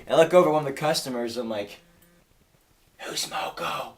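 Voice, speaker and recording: A man's voice: medium pitch, rapid-fire. A man in his room telling a funny story in a chatty way, restarting his sentences as he goes. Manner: chatty, restarts sentences, acts out the other voices. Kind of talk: casual storytelling.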